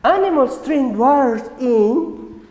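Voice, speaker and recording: Slow, echoey Colombian English teacher. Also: male voice, very high voice, lively intonation, a little mellow. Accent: Colombian Spanish. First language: Spanish. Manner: slow, repeats words and asks "right?". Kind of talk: classroom English lesson. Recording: echoey room with long reverb.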